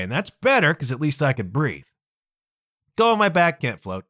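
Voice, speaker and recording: Animated, self-mocking man in his fifties. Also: on the high side, normal speed, dry recording, studio quality. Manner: self-deprecating, animated, exasperated. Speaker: podcast host. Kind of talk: comedic storytelling monologue.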